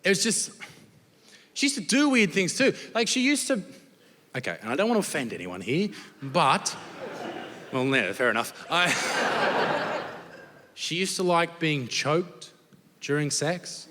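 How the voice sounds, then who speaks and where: A man's voice: on the high side, sing-song, unhurried, pauses often, pushed and bright. A young Australian man doing a crude, brash stand-up set before a live audience. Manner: crude, brash storytelling with swearing. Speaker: stand-up comedian. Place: comedy venue with live audience. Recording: live hall reverb, faint noise.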